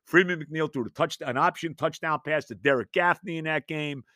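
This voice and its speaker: A man's voice: on the high side, normal speed, bright, forceful tone, no room sound, studio quality. A man in his fifties, a podcast host, telling rambling, exasperated stories in a casual monologue. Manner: rambling, exasperated, self-mocking.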